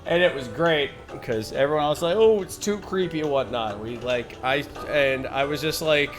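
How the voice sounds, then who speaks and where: A man's voice: medium pitch, normal speed, music in the background. A man streaming a game, telling a long story in a rambling, casual way and laughing at his own jokes. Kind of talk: casual storytelling while gaming. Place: home streaming setup.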